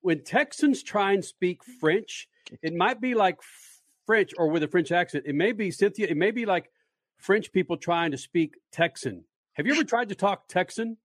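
Male radio host, slightly high voice, bone-dry studio mic, jokey and loose. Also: animated, moderate pace, no echo. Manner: joking, loose. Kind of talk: casual radio interview. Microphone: studio microphone.

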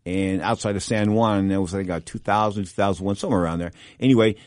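Middle-aged guy hosting a boxing show, kinda low voice, rambling stories, dry close mic. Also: fast, no room sound. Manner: rambling, with frequent restarts and asides; animated, jumping up in pitch for emphasis. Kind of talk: casual anecdotal storytelling.

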